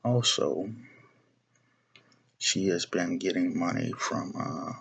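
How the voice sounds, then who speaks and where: A man's voice: low-pitched, slow, gravelly, husky. A young man ranting to camera, blunt and profane, often circling back and restarting his phrases. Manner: repeats himself, restarts phrases. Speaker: video blogger. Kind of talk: political rant to camera.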